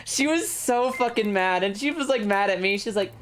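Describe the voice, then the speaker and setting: A woman's voice: medium pitch, moderate pace. A woman in her thirties streaming a game, chatting loosely, swearing freely and laughing through her stories. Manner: loud, crude, swears a lot, laughs often. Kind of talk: casual game commentary and storytelling.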